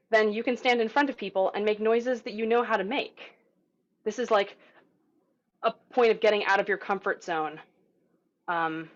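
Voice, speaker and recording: A woman teaching a group voice lesson over a video call, in a casual, encouraging way, with filler words. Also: medium pitch. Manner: casual, encouraging, demonstrates vocal sounds. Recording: dull lo-fi video call audio.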